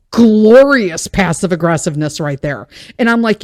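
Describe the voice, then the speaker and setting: A woman podcast host in a casual storytelling monologue, with a voice that rises and dips across a lively pitch range. She is blunt and profane, venting with plenty of swearing. She often turns wry and laughs at herself. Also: moderate pace.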